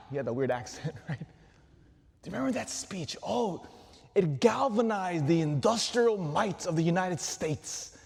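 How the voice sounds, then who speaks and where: Lively priest preaching in a reverberant church. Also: male voice, sits high, normal speed, vocal fry, breathy edge. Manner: animated preaching with rhetorical questions and laughs. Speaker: Catholic priest. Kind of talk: sermon. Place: large church.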